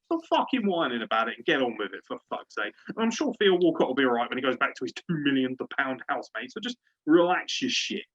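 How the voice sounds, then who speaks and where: A man's voice: medium pitch, very animated, quick pace, few pauses, a bit bright, breathy edge, lo-fi sound. A man hosting a casual sports podcast, ranting in a fired-up, profane way. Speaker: podcast host.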